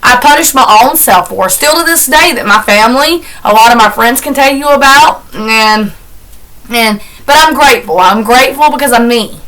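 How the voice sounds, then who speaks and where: A woman's voice: on the high side, lively intonation, moderate pace, a bit bright, low-quality recording. A middle-aged woman, chatting in a heartfelt, rambling, folksy way as she does chores for her vlog. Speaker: vlogger. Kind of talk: casual chat while doing chores.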